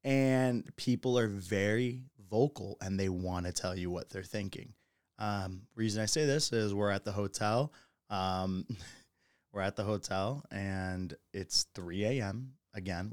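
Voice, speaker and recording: A man's voice: on the low side, measured pace, no room sound, studio quality. A man hosting a podcast, telling stories in a loose, profane way and often breaking into laughter. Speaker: podcast host. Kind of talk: casual solo podcast monologue.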